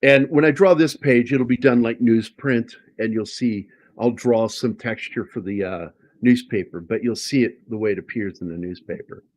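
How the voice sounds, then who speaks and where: A man's voice: medium pitch, moderate pace, a little mellow. A middle-aged man, a comic artist, chatting casually about his work in a rambling way, with frequent restarts and casual swearing. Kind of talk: casual chat.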